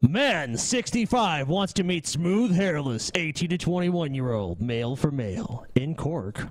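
A man's voice: a little high, very animated, unhurried, no echo, poor audio. Brash profane man, dry close mic. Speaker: podcast co-host. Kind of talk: casual crude banter.

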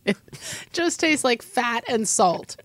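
A woman in her thirties chatting casually while tasting food, animated and opinionated, with quick asides. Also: a little high.

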